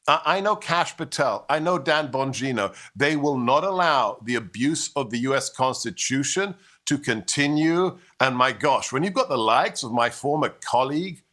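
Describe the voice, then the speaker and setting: A middle-aged man, an immigrant to the United States, speaks as a guest commentator with a forceful, bright, ringing tone. He talks in emphatic rhetoric and drives each point home, slipping into stories along the way. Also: medium pitch, animated, moderate pace, hardly any pauses. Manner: forceful, rhetorical, with storytelling and impressions.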